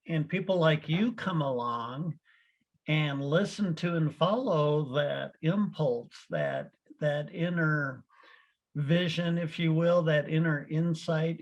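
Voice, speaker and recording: A man's voice: fairly high pitch, vocal fry, dull audio. A man hosting an interview, asking questions in an earnest spiritual tone and repeating phrases as he goes. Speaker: host presenting the award.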